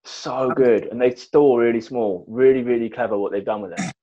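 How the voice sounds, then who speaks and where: A man's voice: medium pitch, normal speed, warm tone, highs cut off. A man in a casual podcast chat over a video call, bantering and teasing in a chatty way.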